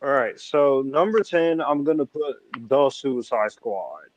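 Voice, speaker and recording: A man casually sharing his ranked list of favorite films, chatting in a relaxed way with a friend. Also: mid-range voice, unhurried, slight background noise, rough recording. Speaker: guest film fan. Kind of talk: casual chat.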